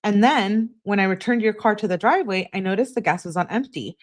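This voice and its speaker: A woman on a live stream reading text messages aloud in a steady voice, breaking off to answer her chat. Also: medium pitch, brisk. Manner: flat reading, asides to chat.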